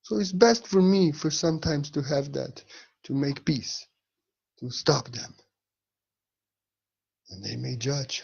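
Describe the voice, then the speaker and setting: A man giving a spiritual monologue with a husky voice, speaking emphatically and swinging between soft and loud. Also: fairly high pitch, slow pace, long pauses, lo-fi sound. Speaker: spiritual teacher.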